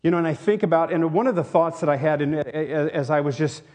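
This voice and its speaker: A man's voice: fairly high pitch, steady tone, fairly quick, darkish tone. A man raised in Tennessee, preaching a sermon as pastor, earnest and rambling with many restarts. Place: church.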